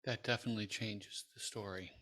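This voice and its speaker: A man, a pastor hosting a podcast, asking gentle, brief questions of his guest. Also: fairly low pitch, fairly even intonation, brisk. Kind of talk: interview questions.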